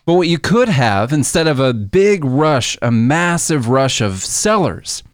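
A man's voice: on the high side, sing-song, measured pace, smooth, dry recording, studio quality. A man co-hosting a casual podcast chat, patiently explaining how the stock market works with everyday comparisons.

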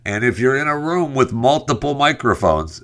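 A man's voice: medium pitch, sing-song, normal speed, fairly bright tone. A male show host giving casual commentary and reading news headlines, chatty and given to laughing at his own stories.

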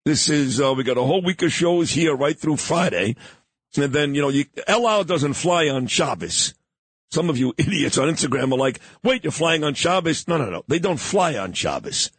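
A man's voice: on the high side, lively intonation, moderate pace, breathy edge, no echo. A man hosting a morning radio talk show, chatting casually, joking and talking sports. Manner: chatty, joking, coughing at times.

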